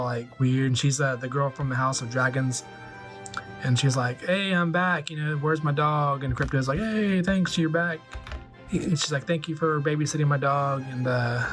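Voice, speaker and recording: Man in his forties, medium pitch, rambling casual retelling, lots of fillers, faint music behind. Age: 40s. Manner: rambling, filler-heavy, casually does quick voices for characters. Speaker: toy collector vlogger. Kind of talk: casual retelling of a movie with toys.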